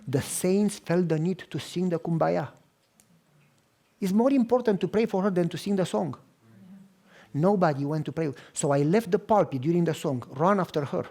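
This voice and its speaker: A man's voice: sits high, moderate pace. A man from Romania, a pastor telling a story in a sermon and acting out the dialogue. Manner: animated, acts out dialogue.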